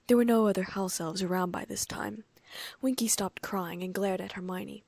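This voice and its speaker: A woman's voice: mid-range voice, fairly even intonation, moderate pace, vocal fry, a little mellow, dry recording. A woman narrating a first-person story for an audiobook in a wry, plain reading.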